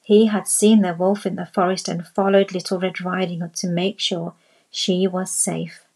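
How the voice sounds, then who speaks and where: A woman narrating a children's storybook in a slow, deliberate reading voice. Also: lowish voice, level tone, a little mellow, husky, low-quality recording.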